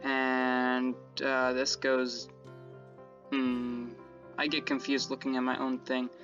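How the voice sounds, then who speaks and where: A man's voice: medium pitch, monotone, slow, a bit bright, muffled recording, soft background music. A man giving casual gameplay commentary as he builds, rambling and correcting himself as he explains his setup to viewers. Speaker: Minecraft let's-play creator.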